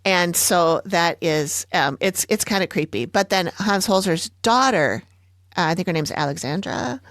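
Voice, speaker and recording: A woman's voice: on the low side, lively intonation, moderate pace, a bit bright, no echo. A woman co-hosting a paranormal podcast in casual chat, rambling and correcting herself as she tells stories. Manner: rambling, self-correcting storyteller. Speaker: podcast co-host.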